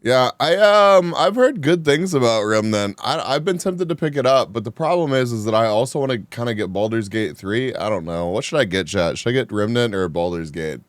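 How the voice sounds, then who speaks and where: A man streaming live, chatting casually with his viewers, animated and quick to laugh, sounding a bit groggy after a nap. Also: mid-range voice, no room sound. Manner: animated, reactive, laughs often. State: groggy after just waking. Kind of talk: casual chat, reading chat live.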